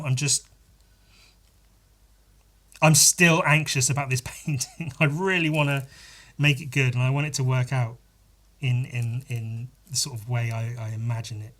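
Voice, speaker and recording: A man's voice: medium pitch, steady tone, moderate pace, long pauses, fairly bright tone. A man hosting his own podcast in a casual solo monologue, rambling and self-deprecating and swearing now and then. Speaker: podcast host.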